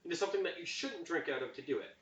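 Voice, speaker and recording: A man's voice: a little high, rapid-fire. A young man from Canada co-hosting a podcast, telling stories in a casual, ranting way. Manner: animated storyteller, ranting. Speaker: podcast co-host. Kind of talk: casual chat. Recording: echoey room, distant muffled mic.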